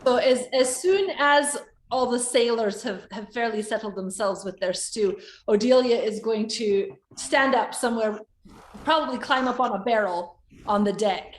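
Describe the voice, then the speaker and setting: A woman's voice: on the high side, normal speed, reverberant, a little hiss or hum. A woman playing a tabletop game, explaining her character's actions hesitantly and restarting her sentences. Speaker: player. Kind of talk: tabletop role-play.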